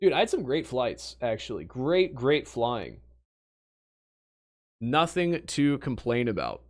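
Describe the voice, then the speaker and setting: A young man streaming, chatting casually with his viewers and telling animated stories from a trip. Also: mid-range voice, takes it slowly. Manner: animated storytelling, talks to chat.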